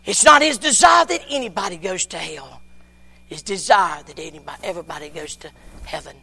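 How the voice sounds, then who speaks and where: A man preaching a sermon, telling a story and moving between hushed tones and near-shouting, with repeated words and folksy grammar. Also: sits high, animated, a little fast, vocal fry. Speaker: pastor.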